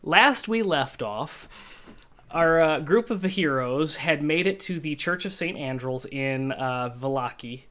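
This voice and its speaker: Slow, easygoing male game master. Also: on the high side, expressive, fairly bright tone, a little hiss or hum. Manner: easygoing narration with frequent "uh" pauses. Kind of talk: narrating a tabletop game stream.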